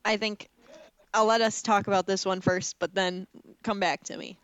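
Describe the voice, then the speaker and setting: A woman's voice: medium pitch, flat delivery, normal speed, a bit bright, clear, resonant tone, no room sound, muffled recording. A woman chatting animatedly about movies, telling stories with playful indignation. Her voice sits mid-height and sounds close and dry, with no room around it. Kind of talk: casual movie chat.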